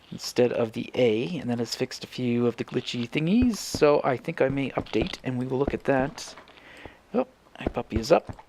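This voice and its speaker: There's a little hiss or hum behind this man's mid-range voice. Playing Minecraft, he offers loose, rambling commentary on what he's building, musing aloud and correcting himself as he works.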